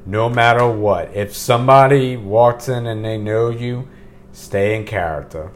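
A middle-aged man hosting a casual podcast, talking in a relaxed, rambling way and swearing now and then. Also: lowish voice, unhurried. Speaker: podcast host. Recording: faint background hiss.

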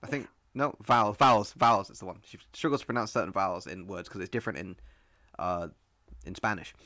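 A young man from Rochdale, a joking, teasing podcast co-host who enunciates clearly in casual chat. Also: deep voice, fast talker, pushed and bright, dry recording. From Rochdale, England.

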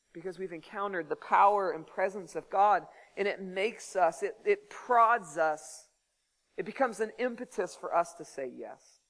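An earnest preacher delivering a sermon at an ordinary, mid-range pitch. Scripture passages are read aloud with dramatic emphasis, and the talk slides into casual, conversational asides between them. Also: fairly bright tone, long reverb tail, poor audio.

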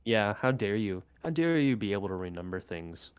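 Laid-back young man, low dry voice. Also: very animated, moderate pace, smooth, dry recording. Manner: laid-back, teasing, drawls words without final g. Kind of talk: casual chat.

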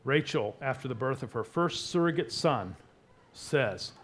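A man's voice: mid-range voice, expressive, measured pace. Male pastor, sermon delivery; emphatic, dynamic swings in volume. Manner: emphatic, with wide swings in loudness.

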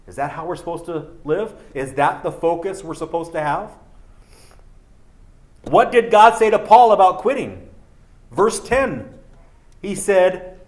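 A man's voice: high voice, lively intonation, a little slow. A man preaching a sermon, earnest and building to emphatic peaks, with a cough. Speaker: pastor.

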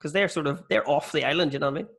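A man's voice: on the high side, racing, vocal fry, a bit bright. A man with a Northern Irish accent in casual, sweary, joking chat. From Northern Ireland. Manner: sweary, jokey, rambling.

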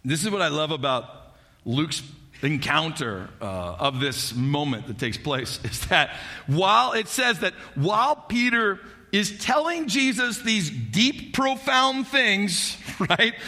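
A male pastor delivers a sermon as animated storytelling. His voice sits high and sounds bright and ringing. He keeps it conversational, scattering "like" and "right?" through the message.

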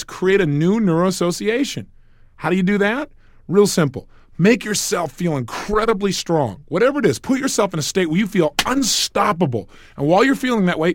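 A man giving a recorded self-help lecture as a motivational speaker, emphatic and repetitive, telling stories. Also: high-pitched.

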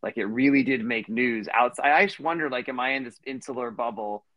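A man's voice: mid-range voice, a little fast, no room sound, dull audio. A man in his thirties co-hosting a podcast, telling a long story in a rambling way with lots of fillers and restarts. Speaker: podcast co-host. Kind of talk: casual storytelling chat.

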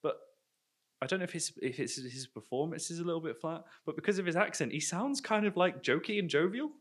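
A man's voice: fairly high pitch, animated, a little fast. A man in a casual film discussion who floats his theories with self-mocking laughter.

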